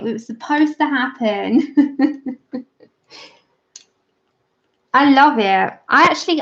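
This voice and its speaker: A woman chats at an easy, slow pace as she colors on a livestream, her fairly high voice catching into gravelly fry. She talks straight to her viewers and answers their chat messages. The sound is a little dull and lo-fi. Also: a bit bright. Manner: chatty, reads out and answers live chat. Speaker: livestream host. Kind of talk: casual chat while coloring.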